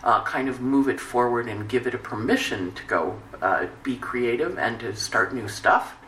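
A woman's voice: extremely low pitch, normal speed, slight background noise. Chatty woman astrologer in an echoey room. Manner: chatty, animated storytelling with asides. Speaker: astrologer host. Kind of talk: casual weekly forecast talk. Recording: echoey room, distant mic.

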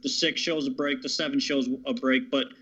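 A man handicapping harness races, talking confidently but haltingly with many fillers. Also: mid-range voice, steady tone, a bit bright, dull audio. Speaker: racing handicapper. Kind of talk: horse racing handicapping talk.

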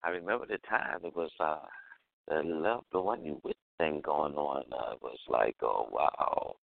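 A man's voice: a bass voice, moderate pace, creaky, dry recording. A man co-hosting a call-in talk show, telling a story in a loose, chuckling way and repeating his phrases. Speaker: co-host. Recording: dry tinny phone line.

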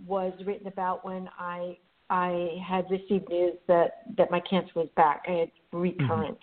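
Woman, guest author, animated storyteller, tinny phone line. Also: on the low side, moderate pace. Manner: animated storyteller acting out dialogue. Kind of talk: personal storytelling on a phone interview.

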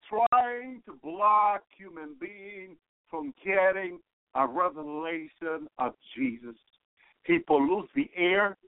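Guy preaching on the radio, high voice, dry and tinny like a phone line, keeps repeating himself. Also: no echo. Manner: repeats phrases, fervent exclamations of praise. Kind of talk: sermon.

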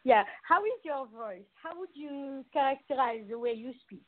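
Woman holistic coach hosting a radio talk, measured, unhurried, slightly high voice, phone-line quality. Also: lively intonation. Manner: slow and deliberate, with pauses and rhetorical questions. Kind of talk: radio talk show monologue. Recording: tinny phone-line sound.

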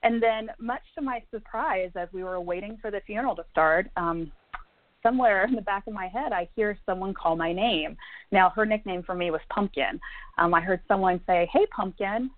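A psychic medium from Indiana, USA, speaks as an interview guest at normal speed in a medium-pitched voice, telling a personal story full of fillers and laughter. The recording is dry and tinny, like a phone line, without echo.

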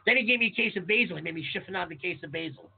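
New chef, co-host, husky and fast, cusses freely, tinny phone-like audio. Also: male voice, sits high, a little hiss or hum. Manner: profane, animated storytelling. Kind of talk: casual chat, storytelling.

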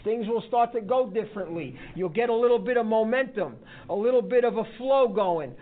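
A man's voice: sits high, expressive, a little fast. A man telling a folksy story to a recovery group, often checking in with a "huh?". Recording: tinny phone-like sound.

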